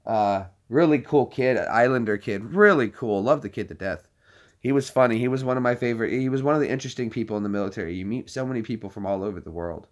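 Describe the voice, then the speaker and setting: A man in his thirties talks fast in a mid-range voice, chatting casually with his live-stream audience. He rambles and jokes, putting on silly voices along the way.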